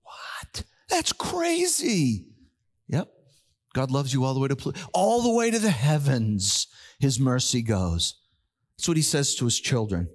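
An older man preaching a sermon as pastor, emphatic, slowing down and repeating key words to drive them home. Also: mid-range voice, expressive.

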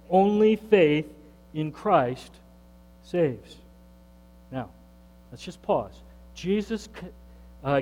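A male pastor with a high voice delivers an emphatic sermon, taking his time and repeating key phrases. He questions the congregation directly. The sound carries a long hall reverb over a faint mains hum. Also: darkish tone.

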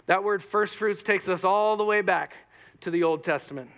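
Bright, animated male preacher. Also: sits high, brisk. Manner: animated, joking asides, acts out quotes. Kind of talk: sermon. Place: church hall with audience. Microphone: microphone.

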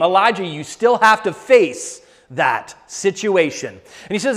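A man delivers a sermon in a noticeably high voice. He swings between fervent, loud exhortation and soft, hushed retelling of scripture. His voice rings out with a long reverb, as in a church sanctuary. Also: very animated, a little slow, few pauses. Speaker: preacher.

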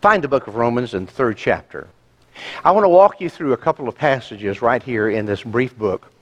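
A male pastor delivering an emphatic sermon, asking the congregation rhetorical questions and walking them through scripture. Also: medium pitch.

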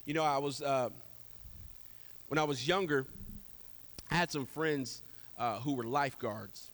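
A man preaching a sermon in an animated way, swinging from loud to soft. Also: mid-range voice, measured pace. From Houston, Texas. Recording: long echo of a large hall.

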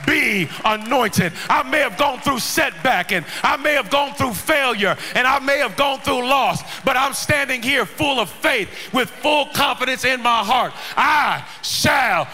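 A man preaching a sermon in a church, shouting and stretching out key words. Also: very high voice, expressive, unhurried, few pauses. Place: church sanctuary. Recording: long hall reverb, music behind.

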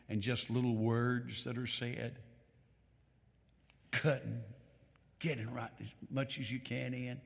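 In a church with long hall reverb, a man preaches a sermon, reading scripture aloud with emphatic stress and asking his congregation questions directly. His medium-pitched voice is creaky and slow, with frequent pauses, and his manner is animated.

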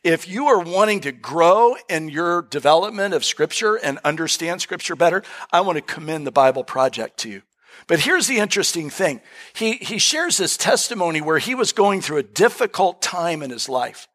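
Speaking in a church service room, a middle-aged pastor delivers a conversational sermon full of folksy stories and fillers. He talks at a moderate pace, his voice on the high side, a bit bright, with lively intonation.

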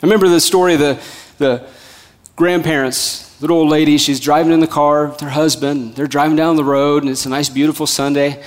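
A male pastor preaches in a rhythmic, repetitive cadence, swinging between loud emphasis and soft, hushed lines. His voice sits a bit high. A long hall reverb trails behind every phrase. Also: fairly even intonation, fairly quick. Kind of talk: sermon.

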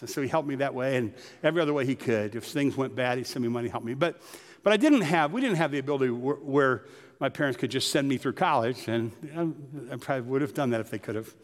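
A pastor telling personal stories in a conversational sermon. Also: male voice, mid-range voice, animated, fast talker, in a large hall. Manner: storytelling, conversational.

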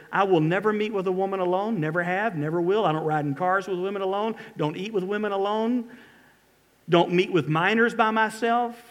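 High-voiced preaching pastor. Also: male voice. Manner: dramatic, reads scripture aloud with emphatic pleas. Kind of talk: sermon.

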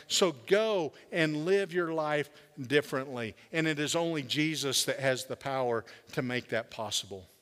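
A male pastor preaching a sermon with earnest conviction, slowing down and dropping low on key words. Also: fairly bright tone. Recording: long hall reverb.

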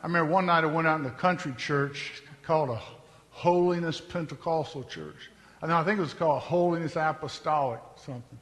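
A man's voice: on the high side, fairly quick, a bit bright, big-room sound. A man telling his testimony from the pulpit in an earnest, conversational storytelling manner. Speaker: preacher giving his testimony.

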